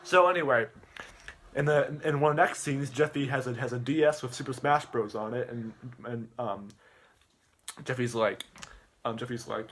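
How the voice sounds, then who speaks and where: A man's voice: mid-range voice, moderate pace, fairly bright tone, a little hiss or hum. A man in a rambling rant, full of stammered restarts and swearing. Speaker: youtuber.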